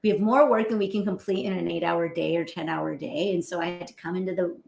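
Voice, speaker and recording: A woman physician hosting a show, giving a casual motivational talk in a lively, chatty way and laughing often. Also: on the low side, fast, gravelly. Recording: roomy echo.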